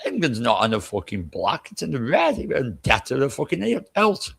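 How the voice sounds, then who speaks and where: A man's voice: mid-range voice, wildly swooping pitch, normal speed, gravelly, husky. An older man chatting casually, ranting in an exasperated, profane way. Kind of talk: casual chat.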